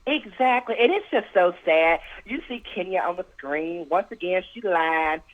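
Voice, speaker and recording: A woman's voice: fairly low pitch, animated, normal speed, a crowd in the background. Sassy lady calling in, voice all over the place, sounds like a phone. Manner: sassy, keeps saying girl and honey. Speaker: caller. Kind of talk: gossipy call-in rant. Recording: tinny phone line.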